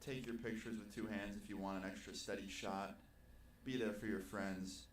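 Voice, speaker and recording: A man's voice: lowish voice, moderate pace. Young man telling a wild party story. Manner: animated, profane storytelling. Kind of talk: casual storytime vlog. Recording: roomy, distant video playback with faint noise.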